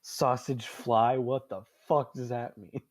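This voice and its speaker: A man's voice: medium pitch, steady tone, takes it slowly, no echo. A man in his twenties hosting a casual podcast chat, rambling, swearing often and laughing a lot. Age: 20s. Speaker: podcast host.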